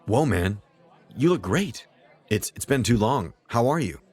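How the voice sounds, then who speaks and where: A man voicing a friendly young man with a low, smooth voice. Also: sing-song, unhurried, some chatter behind.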